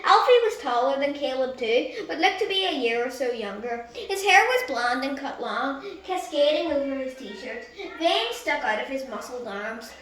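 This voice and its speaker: Bright-voiced woman narrating a story. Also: high voice, moderate pace, hardly any pauses. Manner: lively reading with small stumbles. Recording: echoey room.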